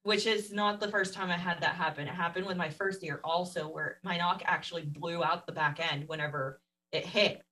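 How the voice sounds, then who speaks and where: A woman guest telling a story in a casual, animated way, laughing often and acting out what others said. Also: on the low side, brisk, recorded from a distance, rough recording. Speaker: podcast guest.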